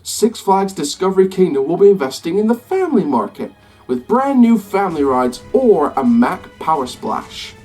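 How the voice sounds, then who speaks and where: A man putting on an American accent to voice a slow, grand theme-park announcer in promotional style. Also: high voice, very animated, a little mellow, slightly rough, pitched above the performer's own voice, heavily acted. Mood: announcing. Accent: put-on American. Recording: slightly distant mic, faint music behind.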